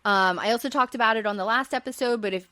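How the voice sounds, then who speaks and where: A woman's voice: on the high side, fast talker, pushed and bright, no room sound. A woman hosting a podcast and recapping a reality show in casual, chatty talk, with plenty of fillers and light laughs. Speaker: podcast host.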